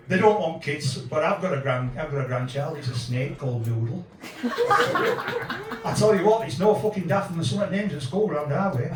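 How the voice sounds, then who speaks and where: A man in his fifties with a Yorkshire accent, doing a sweary, deadpan stand-up set in a small pub room. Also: fairly high pitch, roomy sound, distant mic, rough recording. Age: 50s. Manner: crude, swearing, deadpan storytelling. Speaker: stand-up comedian. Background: audience laughter.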